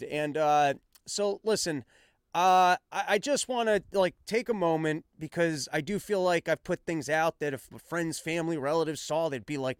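A man's voice: a little high, normal speed, smooth, no room sound, clean studio sound. Rambling self-mocking comedian man. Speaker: stand-up comedian and show host. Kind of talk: casual comedic monologue. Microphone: self-filmed on action camera.

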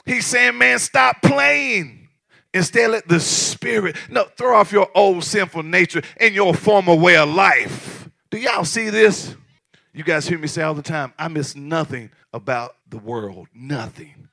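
Male pastor, high gravelly voice, impassioned sermon that jumps between shouts and quiet asides. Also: a little slow. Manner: passionate preaching, swings from shouting to hushed asides.

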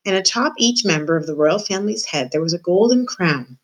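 A woman reads a children's novel aloud with steady, expressive storytelling. Her voice sits slightly low for a woman. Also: brisk, rough recording. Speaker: reader.

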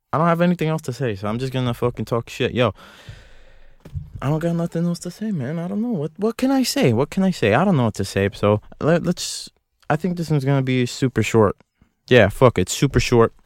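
A man's voice: medium pitch, no echo. A young man hosting a solo podcast from a closet, rambling in a profane, self-mocking, jokey way. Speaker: podcast host. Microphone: close studio mic.

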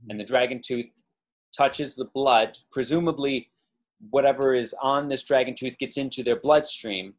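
A man co-hosting a podcast in casual chat, asking teasing, mock-scientific questions. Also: medium pitch. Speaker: podcast co-host.

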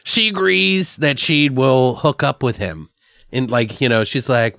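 A man's voice: mid-range voice, measured pace, gravelly, no echo, clean studio sound. A man casually recapping a movie, swearing and laughing often as he tells it. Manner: profane, laughs often, animated storytelling. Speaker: podcast host.

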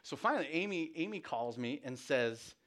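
A man's voice: on the high side, lively intonation, moderate pace, a bit bright. Chatty man preaching a casual sermon. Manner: conversational, rambling, self-deprecating, with many restarts. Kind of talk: casual sermon with family stories.

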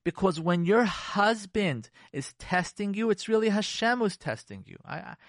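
Animated man giving a heartfelt radio talk. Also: high-pitched, normal speed, no room sound, clean studio sound. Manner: animated, acts out quoted spouses and prayers, drops to hushed tones. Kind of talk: informal religious talk on radio.

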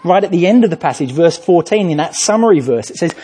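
A man preaching a sermon in a church, telling a story with lively rhetorical questions. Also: on the high side, fast talker, husky. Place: church hall.

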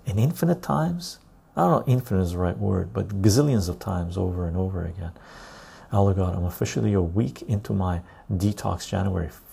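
Husky low-voiced guy rambling casually on his live stream, reads chat, keeps saying "right?". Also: mellow. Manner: loose and chatty, reads the chat aloud, says "right?" often.

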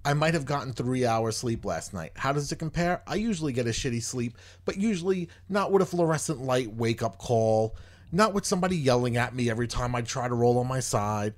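A man's voice: mid-range voice, lively intonation, brisk. A man hosting a podcast, telling a long story in casual chat, rambling and exasperated, swearing freely. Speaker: podcast host.

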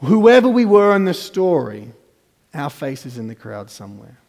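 A man's voice: big pitch swings, moderate pace. Preaching man in an echoing hall. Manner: dramatic swings between soft, low asides and raised emphatic lines. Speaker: pastor. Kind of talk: sermon. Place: church hall. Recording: church hall with long reverb.

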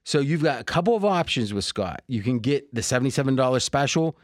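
Lively, salesy man hosting a podcast. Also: mid-range voice, quick pace, dry recording, studio quality. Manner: animated, salesy, joking. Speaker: podcast host. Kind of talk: sports betting podcast chat.

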